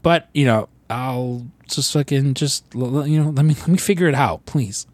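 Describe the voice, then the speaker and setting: A man co-hosting a podcast, talking in loose, profane, rambling banter with quick mock voices. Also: medium pitch, a little mellow, dry recording. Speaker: podcast co-host.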